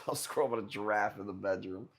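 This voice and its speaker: With a fairly low voice and a slightly quick delivery, this young man hosts a live coral auction. He rambles, jokes around and trades crude banter with his viewers.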